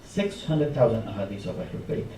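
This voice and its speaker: Preaching a sermon in a mosque hall, a man piles up repeated phrases with mounting force, his fairly quick delivery full of big pitch swings. His lowish voice is dark and mellow, captured from a distance in a roomy, echoing hall with faint ambient noise.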